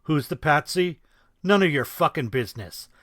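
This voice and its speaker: A man voicing a smug, crude mob fixer who taunts and chuckles, gruff and menacing. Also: mid-range voice, expressive, normal speed, no room sound, studio quality, lightly acted. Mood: taunting.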